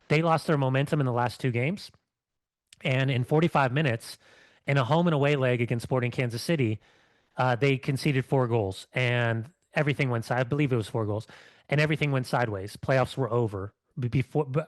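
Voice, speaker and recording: A man's voice: medium pitch, dry recording. A middle-aged man, a former athlete co-hosting a podcast, talking in a fired-up way with many restarts. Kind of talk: casual podcast chat.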